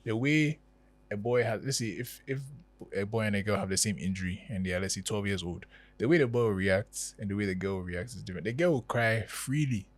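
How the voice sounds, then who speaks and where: Low-voiced man hosting a podcast. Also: a little fast. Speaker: podcast co-host. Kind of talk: casual podcast chat.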